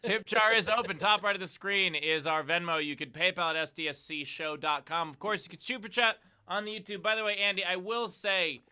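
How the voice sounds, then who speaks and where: A man's voice: high-pitched, a little fast, few pauses, bright, forceful tone, clear, resonant tone. A male host of an online show, chatty and upbeat as he plugs donations and jokes with a guest. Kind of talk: casual online show hosting.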